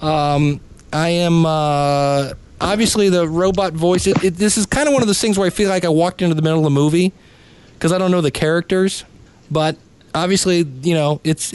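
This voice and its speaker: A man's voice: on the high side, darkish tone, smooth. A man reviewing a podcast live as a coach, chatty and full of restarts. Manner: chatty, many restarts and fillers.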